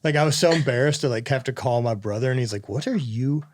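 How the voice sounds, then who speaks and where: A man's voice: medium pitch, quick pace, slight background noise. A man hosting a podcast, chatting casually and telling rambling stories full of swearing. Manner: swears freely, rambling storyteller. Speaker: podcast host. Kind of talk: casual chat.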